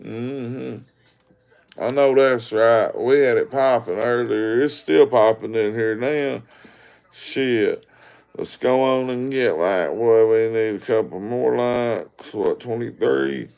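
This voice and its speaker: Slow, gravelly man livestreaming. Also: medium pitch, darkish tone. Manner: crude, rambling banter, begging for likes. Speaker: livestream host. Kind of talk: casual livestream chat with viewers. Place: outdoors on a walking livestream.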